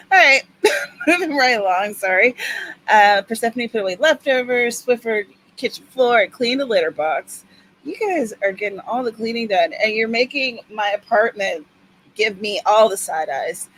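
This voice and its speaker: A woman's voice: medium pitch, a little hiss or hum, rough recording. Chatty, teasing woman host. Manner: chatty, teasing, animated storytelling. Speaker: writing livestream co-host. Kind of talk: casual chat.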